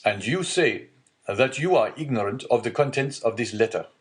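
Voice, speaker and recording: A man's voice: medium pitch, expressive, moderate pace, natural voice. A man voicing a stern male magistrate who hides his panic in a read-aloud storybook, with a curt, commanding delivery.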